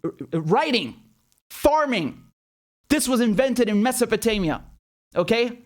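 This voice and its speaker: A man with a high voice delivers a heated, sarcastic commentary, swearing freely and piling on outrage. He talks like a political commentator reacting to clips for his own show. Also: very animated, unhurried. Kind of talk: indignant video commentary.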